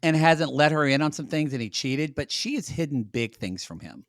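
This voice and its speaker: Man with a lively, expressive voice, dry sound. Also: a little high, moderate pace, no room sound. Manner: opinionated, joking. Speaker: podcast guest, reality TV commentator. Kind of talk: casual chat.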